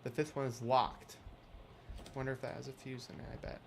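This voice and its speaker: A man's voice: mid-range voice, flat delivery, a little fast, a little hiss or hum. Giggly man streaming a game. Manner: chatty and giggly, reading game text aloud. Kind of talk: casual gameplay commentary.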